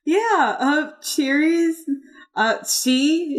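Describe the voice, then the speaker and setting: A woman narrating as game master of a tabletop role-playing podcast, laughing often and pausing on fillers. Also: high-pitched, animated. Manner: giggly, halting with fillers.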